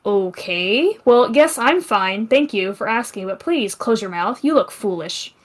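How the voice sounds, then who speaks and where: A woman's voice: a little high, animated, unhurried. A woman reading the lines of a haughty, sarcastic black female cat in a story. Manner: dry, cutting put-downs.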